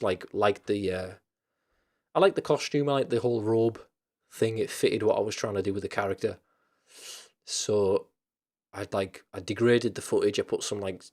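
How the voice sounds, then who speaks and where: A man's voice: fairly low pitch, a little mellow. A man hosting a casual chat stream, rambling loosely with lots of fillers, restarts and casual swearing.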